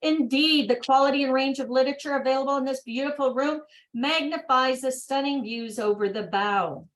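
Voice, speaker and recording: A woman hosting an online workshop over a video call. She reads training material aloud at a brisk clip and breaks off for upbeat, chatty asides. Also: high-pitched, poor audio. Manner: brisk reading broken by upbeat exclamations. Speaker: workshop host.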